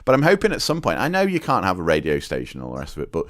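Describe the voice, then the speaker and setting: Laughing low-voiced man. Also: huge pitch swings, rapid-fire, a bit bright, no room sound, clean studio sound. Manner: laughs a lot, jokey, trails off with fillers. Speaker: podcast co-host. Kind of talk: casual chat.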